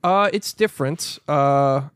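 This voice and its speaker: A young man rambles through a loose, profane podcast chat and keeps breaking into goofy voices. His voice sits a little high for a man. The sound is close and dry. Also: slow pace, clear, resonant tone, no echo. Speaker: podcast co-host. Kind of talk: casual chat.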